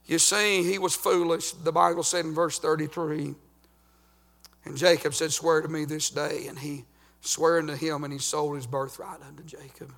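Fervent high-voiced preacher. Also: male voice, steady tone, moderate pace, vocal fry. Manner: fervent preaching, rising to chanted shouts then dropping low. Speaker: pastor. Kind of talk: sermon.

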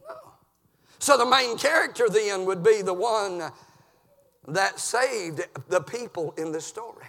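A man preaching an impassioned sermon in a church, dropping to low murmurs and climbing to shouted peaks. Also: lively intonation, a little slow, creaky, long reverb tail.

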